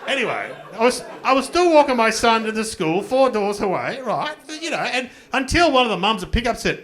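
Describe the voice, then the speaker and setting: Middle-aged Australian comic, high voice, live crowd. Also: male voice, very animated, brisk, hardly any pauses. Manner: rambling, self-mocking storytelling with acted-out voices. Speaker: stand-up comedian. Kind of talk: stand-up comedy. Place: comedy club stage. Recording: live comedy club with audience laughter.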